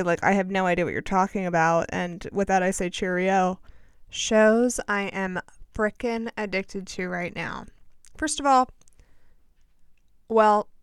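Chatty woman with a smooth voice. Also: medium pitch, no echo, clean studio sound. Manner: chatty, sarcastic, self-deprecating. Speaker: podcast host. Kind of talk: casual chat.

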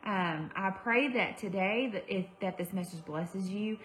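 A woman's voice: mid-range voice, a little slow, a bit bright, rough recording. A young woman giving a livestream devotional to women, conversational, with fillers and self-corrections. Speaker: women's ministry speaker.

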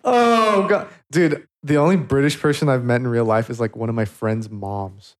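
A man's voice: mid-range voice, steady tone, fairly quick, a little mellow. A young man co-hosting a casual podcast, joking, teasing his friends and swearing freely on a cheap mic. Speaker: podcast co-host. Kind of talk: casual chat. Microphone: cheap microphone.

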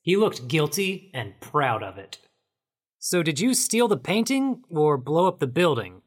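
A man voicing a hardboiled male noir detective who narrates and talks in a wry, deadpan way. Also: on the high side, a little slow. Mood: dry. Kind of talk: noir audio drama narration.

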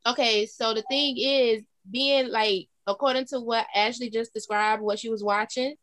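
A woman's voice: fairly high pitch, steady tone, moderate pace, a bit bright, no room sound. A woman in casual chat who argues a point and restates it.

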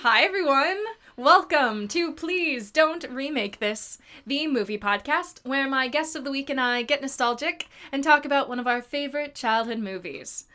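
A woman's voice: sits high, animated, moderate pace, hardly any pauses, bright, forceful tone. A young adult woman hosting a movie podcast in casual chat, bubbly and giggly with emphatic bursts. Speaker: podcast host.

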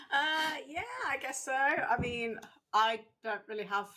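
A young woman chats on a casual podcast, animated and lively as she acts out what other people said. Her voice sits a bit high and rings bright. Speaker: podcast co-host. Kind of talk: casual chat.

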